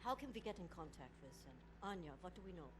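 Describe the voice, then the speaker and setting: An actress playing a stern female commanding officer in a video game cutscene, brisk and giving orders, with clear noise behind. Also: lowish voice, big pitch swings.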